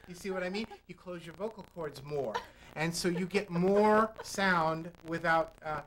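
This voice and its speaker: A man's voice: high-pitched, measured pace, a bit bright, slight background noise, poor audio. A man speaking as a public speaking coach on a studio talk show, explaining technique and acting out examples. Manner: demonstrative, acts out vocal examples. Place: local TV studio.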